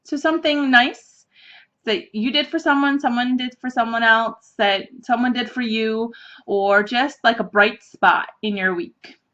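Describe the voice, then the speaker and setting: A woman in her thirties hosting a podcast, telling stories in a casual, chatty way, animated and laughing often as she talks from an office. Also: fairly high pitch, unhurried. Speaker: podcast host. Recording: dull lo-fi recording.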